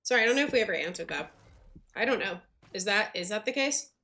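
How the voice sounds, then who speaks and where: A woman's voice: mid-range voice, expressive, fast, sharp tone. A woman streaming a game, chatting casually and thinking aloud with lots of fillers. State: hiccups. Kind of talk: casual gameplay commentary.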